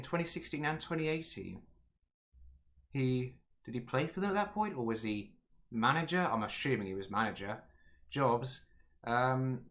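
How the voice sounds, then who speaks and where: Chatty man, slightly hoarse voice. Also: medium pitch, a bit bright. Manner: chatty, rambling, with frequent ums and asides. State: slightly hoarse, losing his voice. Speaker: gaming YouTuber. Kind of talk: casual game commentary.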